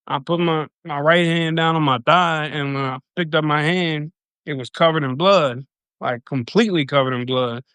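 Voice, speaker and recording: A man tells a personal story on a livestream in a loose, rambling way, swearing freely. His voice sits a bit high and comes across smooth and clear. The sound is dry and close. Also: fairly bright tone, dry recording. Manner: profane, rambling, loose retelling.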